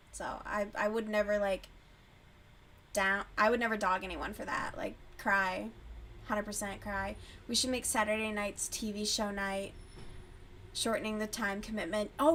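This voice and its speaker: A woman's voice: mid-range voice, bright, forceful tone, slight background noise. A woman hosting a casual livestream while crocheting, chatting loosely, swearing freely and answering her chat as she goes. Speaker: livestream host.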